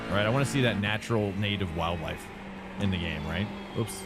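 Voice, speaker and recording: A man's voice: fairly low pitch, fairly quick. A man streaming a sim race, chatting casually with lots of ums and uhs, often laughing as he rambles. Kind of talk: casual live-stream chat while racing. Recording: loud music playing behind. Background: loud music.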